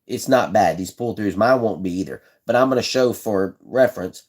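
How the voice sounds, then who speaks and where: A man with a fairly low, darkish voice, speaking at normal speed, hosts a live stream where he casually shows how he builds fishing rods. He's laid-back and folksy, chatting, repeating himself, and answering viewers in the chat.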